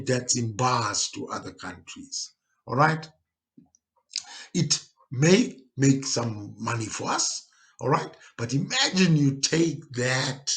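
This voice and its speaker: Slow-speaking South African male teacher. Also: medium pitch, fairly bright tone. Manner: explains step by step, with frequent tag questions to check understanding; repeats points for emphasis. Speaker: geography teacher. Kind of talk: recorded classroom lesson.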